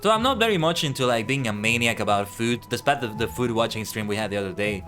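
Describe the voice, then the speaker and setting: A man chats his way through a game stream, rambling and often tripping over his words. His voice sits at a middling pitch but swings up and down a lot. Faint music plays underneath. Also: lively intonation, fast. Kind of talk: casual gameplay commentary.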